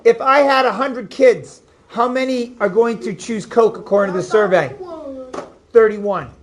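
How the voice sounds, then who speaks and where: A man's voice: high voice, measured pace. A man with a Maine accent teaching a math class, chatty and jokey, often shushing his students. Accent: New England (Maine).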